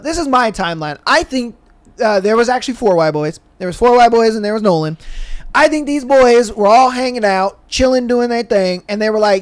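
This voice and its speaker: A man's voice: high-pitched, smooth. A man co-hosting a podcast, telling his theory in a loose, slangy way and acting out the people in it. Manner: animated, slangy storytelling that acts out quoted kids. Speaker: podcast co-host. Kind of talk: casual podcast chat.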